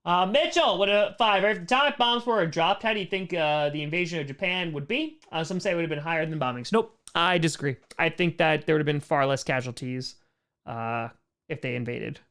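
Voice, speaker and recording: Answering chat during a casual livestream Q&A, a man speaks briskly in a slightly high, fairly bright voice. His replies ramble, packed with "like" fillers and blunt opinions.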